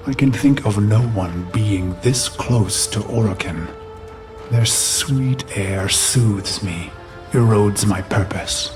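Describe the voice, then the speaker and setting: A man's voice: fairly low pitch, slow pace, over music. An actor playing a brooding, vengeful human warlord who recalls his past in a grave, haunted inner monologue for a game cutscene. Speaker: narrator of a memory.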